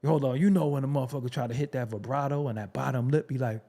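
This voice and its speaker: A fast-talking man with a mellow voice hosts his own commentary channel, offering opinionated takes in an emphatic, profane, conversational style. He repeats phrases for effect and drops his voice low for serious asides.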